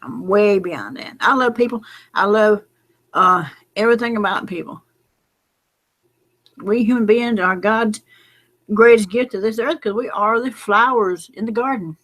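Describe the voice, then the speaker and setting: A woman's voice: mid-range voice, unhurried, pauses often, a bit bright. A middle-aged woman, talking in a late-night casual vlog, rambling and folksy, drowsy and close to tears. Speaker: lottery number vlogger.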